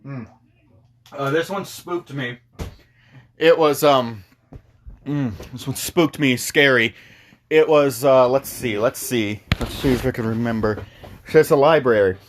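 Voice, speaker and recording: A man's voice: mid-range voice, measured pace, pauses often, slight background noise. A young man recapping a movie in a rambling, profane, stumbling comic style. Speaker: video host recapping a movie.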